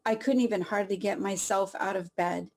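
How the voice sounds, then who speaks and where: A woman's voice: medium pitch, steady tone, gravelly. Woman telling a heartfelt personal story. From Southern California. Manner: emotional, pausing, soft laughs through tears. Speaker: guest speaker sharing a personal story.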